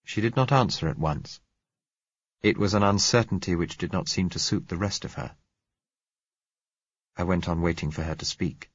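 Deep, husky male audiobook narrator. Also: no echo, lo-fi sound. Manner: measured and reflective. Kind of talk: first-person audiobook narration.

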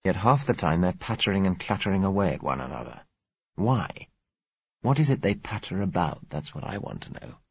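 A man's voice: low-pitched, lively intonation, moderate pace, slightly rough, full character voice. A man reading the lines of an earnest man who argues his theories at length, in a lecturing way. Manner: argumentative, lecturing. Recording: muffled lo-fi recording.

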